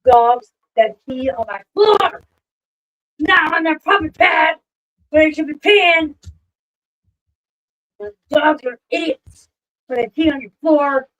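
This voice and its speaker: A woman streamer in casual livestream chat, ranting with lots of swearing and shouting at her pets. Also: sits high, takes it slowly, long pauses, low-quality recording.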